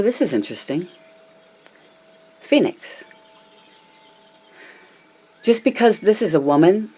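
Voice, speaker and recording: Low-voiced woman giving a chatty tarot reading. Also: warm tone. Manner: chatty, affectionate, addresses viewers as my loves and honey; varies her pitch and pace a lot, slows down for emphasis. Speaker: tarot reader. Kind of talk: casual tarot reading to camera.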